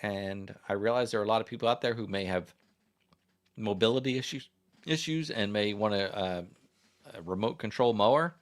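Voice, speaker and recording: A man's voice: lowish voice, normal speed. An American man hosting a casual livestream, chatting in a rambling way as he reads viewer comments and puts questions to the audience. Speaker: livestream host. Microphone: desk microphone.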